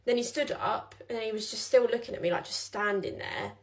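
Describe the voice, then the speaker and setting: A woman's voice: a little high, brisk. Chatty young woman, rambling. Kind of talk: casual storytime vlog.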